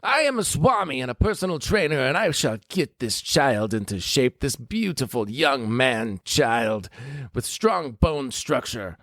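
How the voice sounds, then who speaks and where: A man's voice: big pitch swings, a little slow, a bit bright, dry recording. A man voicing a pompous, portly male swami who works as a personal trainer in a tabletop game. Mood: grandiose. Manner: grandiose, high put-on voice.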